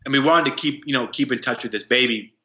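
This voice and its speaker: A young man tells his story in a halting, restart-heavy way with a bright, forceful voice. His sound is roomy and a little dull and lo-fi. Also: mid-range voice. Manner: halting, many fillers and restarts. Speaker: guest, anti-trafficking worker. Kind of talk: casual storytelling interview.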